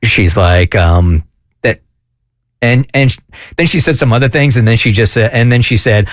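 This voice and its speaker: A man's voice: mid-range voice, lively intonation, normal speed, no room sound, clean studio sound. A man hosting a radio show, talking earnestly and confessionally in a casual chat.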